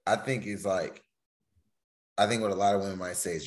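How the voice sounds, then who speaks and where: A man's voice: low voice, fairly quick, long pauses. A man co-hosting a casual podcast, speaking in a blunt, laid-back, frank way. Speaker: podcast co-host.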